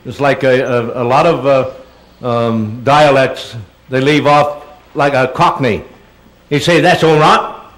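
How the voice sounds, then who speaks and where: A man's voice: mid-range voice, poor audio. A man giving a talk in a large auditorium and answering audience questions. He speaks in a chatty, rambling way and calls audience members "dear.". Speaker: guest speaker.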